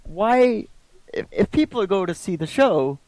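A man reacting in casual chat, animated and emphatic, with the odd swear. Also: sits high, unhurried, no echo, rough recording.

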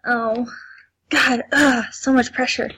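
A woman's voice: fairly high pitch, fairly even intonation, slow pace, bright, forceful tone, breathy edge, no echo. A woman in a casual podcast chat, talking hesitantly and anxiously with groaning sighs.

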